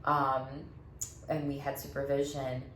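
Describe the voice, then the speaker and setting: A woman therapist hosts a casual chat, telling candid stories in a very low voice. She swears freely and laughs often. The room sounds echoey, with a faint hiss behind her. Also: flat delivery, a little slow, a bit bright. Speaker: podcast host, therapist.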